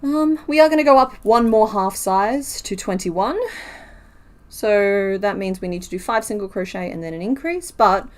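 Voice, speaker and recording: A woman's voice: mid-range voice, moderate pace. A woman streaming while she crochets, talking casually, counting stitches aloud and answering her chat.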